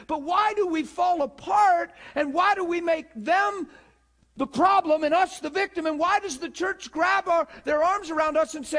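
A man's voice: very high-pitched, normal speed, fairly bright tone. A man in his forties preaching a sermon with passion, firing rhetorical questions and acting out what people say. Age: 40s.

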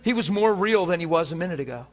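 A man with a high voice delivers a sermon built around his own testimony. He tells it with animation, dropping to a near hush and then swelling loud, and chuckles often as he goes. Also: quick pace. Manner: animated storytelling, swings between hushed and loud; chuckles often while speaking. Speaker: preacher.

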